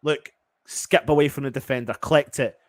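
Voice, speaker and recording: A man from England doing live fan reaction commentary on a match, exasperated and swearing, swinging between low muttering and loud outbursts. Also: fairly even intonation, normal speed, dry recording.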